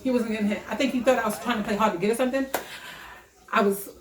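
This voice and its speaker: A young woman vlogger telling a story in a casual storytime vlog, animated, profane and emphatic. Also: fairly high pitch, racing, echoey room, crowd noise.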